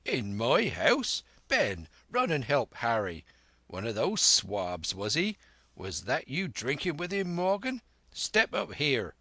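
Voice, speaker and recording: A man's voice: mid-range voice, wildly swooping pitch, slow, bright, forceful tone, dry recording, heavily acted. A man voicing a cunning one-legged old sea cook who blusters in salty sailor slang. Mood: blustering. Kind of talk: audiobook character reading.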